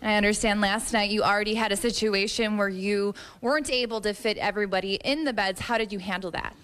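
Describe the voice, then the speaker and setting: A woman TV reporter live on location, explaining the story and interviewing a guest in a clear, even voice. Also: medium pitch, fairly quick. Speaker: field reporter. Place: outdoors at a downtown shelter.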